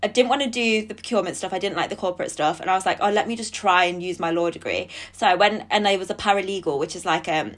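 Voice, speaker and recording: A woman's voice: fairly low pitch, fast, few pauses. A young woman, chatting as a podcast guest, laughing often and acting out other people's lines. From England. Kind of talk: casual chat.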